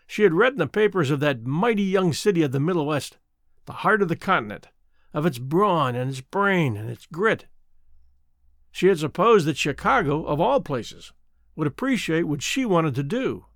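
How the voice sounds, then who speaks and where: A man narrating a short story in an expressive, measured reading. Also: a little high, no echo, clean studio sound.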